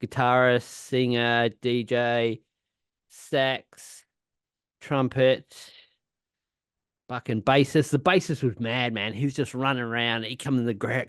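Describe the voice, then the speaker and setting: A man's voice: medium pitch, flat delivery, slow pace, clear, resonant tone, no room sound, studio quality. Sweary man telling stories. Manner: swears constantly, rambling storyteller. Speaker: podcast co-host. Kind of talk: casual chat.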